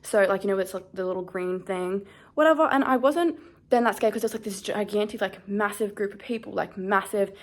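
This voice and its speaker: A young woman talks straight to camera, still shaken and scared as she recounts what happened. She rambles, filling every pause with "like". Her voice sits at an ordinary middle pitch. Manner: shaken, rambling, heavy use of "like". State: shaky and scared. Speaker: vlogger. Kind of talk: casual storytime chat.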